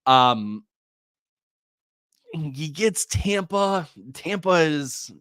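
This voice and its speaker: A man hosting a live fantasy football Q&A, reading viewer questions and giving quick start-or-sit answers, with frequent sighs. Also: on the high side, animated, a bit bright, smooth, dry recording, studio quality. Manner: rapid answers, reads viewer names and questions; distracted, sighs often. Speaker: fantasy football podcast host.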